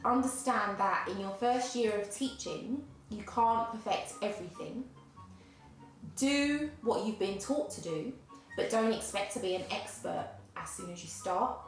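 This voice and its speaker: A woman's voice: mid-range voice, expressive, measured pace. A woman teacher chatting playfully and giving practical advice. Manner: giggly, playful. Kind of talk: casual chat. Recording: very roomy room, faint music.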